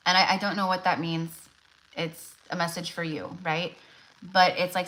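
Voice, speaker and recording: A woman's voice: fairly low pitch, steady tone, moderate pace, a bit bright, rough recording. A woman giving casual live tarot readings, chatty and loose, full of fillers and restarts. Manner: chatty, many fillers and restarts, laughs often. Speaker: tarot reader.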